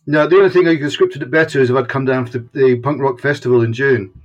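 A man's voice: medium pitch, steady tone, quick pace, lo-fi sound. A Scottish man in his sixties, a guest on a video-call interview, talking in a rambling, casual way with frequent restarts. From Scotland. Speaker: guest, former punk fanzine editor.

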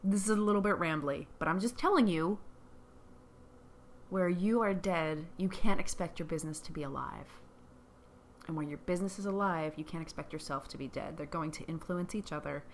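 A woman's voice: on the low side, moderate pace, slight background noise. A woman business coach giving a blunt, profane motivational monologue, repeating her points for emphasis.

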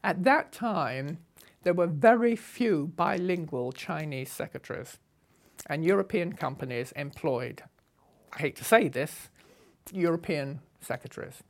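An older woman telling her life story in an unscripted, assertive and brisk way. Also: low-pitched. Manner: brisk, assertive, animated retelling with laughs. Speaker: storyteller recalling her past. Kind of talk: unscripted spoken memoir.

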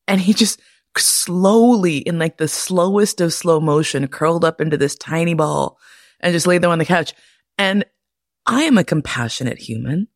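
A woman hosting a podcast, telling candid personal stories in a profane, animated way and laughing often. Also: on the low side, normal speed, no echo, clean studio sound. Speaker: podcast host. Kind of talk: candid personal storytelling monologue.

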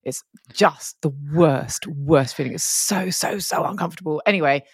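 A woman co-hosting a podcast, telling stories in a chatty, animated way. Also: low voice, moderate pace, breathy edge, dry recording, clean studio sound. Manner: chatty, animated storytelling with quoted voices. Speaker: podcast co-host. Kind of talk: casual chat.

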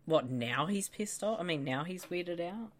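A woman's voice: lowish voice, lively intonation, normal speed. A woman co-hosting a podcast, joking and chatting casually about a movie. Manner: playful, teasing quips, laughs often. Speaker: podcast co-host. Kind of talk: casual movie commentary chat.

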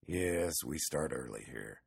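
A man voicing a calm, patient old farmer in a storybook reading, low, mild and dry. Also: slow, creaky, breathy edge, exaggerated voice.

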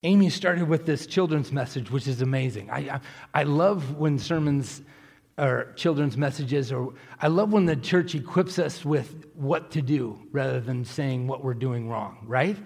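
A male pastor preaching a sermon in a church, with conversational storytelling that swells into fervent, near-shouted exhortation. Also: mid-range voice, a little slow, creaky, slightly rough. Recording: long hall reverb.

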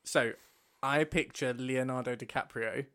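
Casual male co-host; middle pitch, playful and hesitant, dry close-miked studio sound. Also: fairly even intonation, a little slow, a bit bright, clean tone, dry recording. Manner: playful, teasing, hesitant with many ums. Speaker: podcast co-host. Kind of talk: casual chat. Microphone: studio mic with pop filter.

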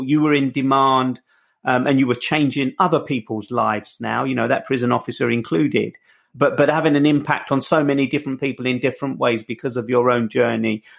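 A man's voice: mid-range voice, vocal fry. A man hosting an interview who asks long, winding questions, often stumbling and restarting his phrases. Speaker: interviewer, host.

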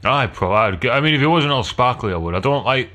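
A man's voice: mid-range voice, animated, fast, bright, forceful tone. A man co-hosting a casual comedy podcast, making dry, crude jokes. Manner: sardonic, crude one-liners. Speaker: podcast co-host.

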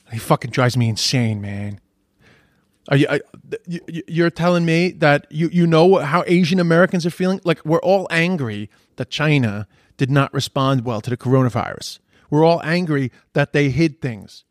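Speaking at a moderate pace, this commentator has a fairly high, animated voice, recorded dry with studio quality. He rants about social media posts, swearing indignantly and repeating himself as his temper rises.

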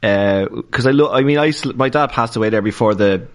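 A man with a Dublin Irish accent, a stand-up comedian and podcast guest, telling stories in an animated way and laughing as he goes. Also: mid-range voice, quick pace. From Dublin, Ireland. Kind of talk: casual storytelling in a podcast interview.

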